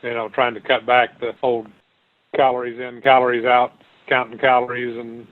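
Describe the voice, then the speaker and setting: A man's voice: medium pitch, flat delivery, moderate pace. A man talking casually as an interview guest, rambling with many restarts and fillers. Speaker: guest sharing his weight loss story. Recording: tinny phone-like line.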